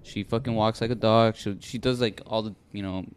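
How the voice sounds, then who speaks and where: A man's voice: on the low side, steady tone, fairly quick, a little hiss or hum. A man co-hosting a podcast, rambling in casual chat and often hunting for the right word. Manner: rambling, searches for words. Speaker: podcast co-host.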